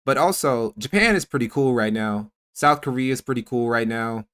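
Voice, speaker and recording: A man's voice: mid-range voice, normal speed, a bit bright. A young man streaming and reacting to a clip in casual chat. He talks in a sarcastic, profane, rambling way.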